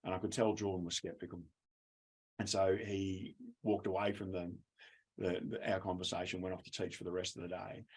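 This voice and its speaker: Husky low-voiced Australian man. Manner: anecdotal, chatty, with laughs. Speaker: education presenter. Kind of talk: webinar talk with storytelling. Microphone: video call.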